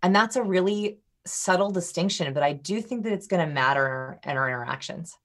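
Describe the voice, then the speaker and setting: A woman's voice: on the low side, a little fast. A woman guest on a podcast, explaining body language and acting out different vocal tones. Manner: animated, demonstrates vocal tones. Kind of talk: podcast interview.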